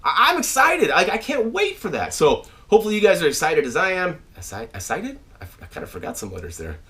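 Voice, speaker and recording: Speaking quickly in a high, bright voice, a lively channel host chats to viewers from indoors at home in a casual video update. His talk is animated, packed with fillers and restarts, and he calls out names along the way.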